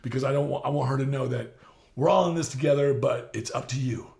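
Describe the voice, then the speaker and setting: A middle-aged man with a gravelly, creaky voice hosts a relaxed interview. He talks in loose, rambling runs, restarts his sentences often and breaks into laughter. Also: mid-range voice, fast. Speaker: podcast host. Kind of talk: casual interview chat.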